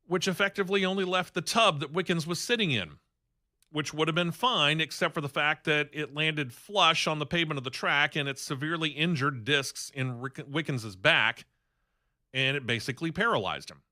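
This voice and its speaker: A man's voice: a little high, normal speed, sharp tone. A man hosting a sports talk radio show in a studio, running through racing news in a chatty, opinionated way.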